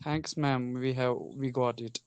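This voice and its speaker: A student who answers questions hesitantly, filling pauses with "uh.". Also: medium pitch, fairly even intonation, a little mellow, clear, resonant tone. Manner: hesitant, with fillers.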